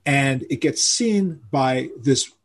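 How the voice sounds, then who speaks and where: Gravelly older man telling stories. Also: medium pitch, takes it slowly. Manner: animated storyteller who acts out quoted voices. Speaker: interview guest, rock musician. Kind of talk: casual storytelling interview.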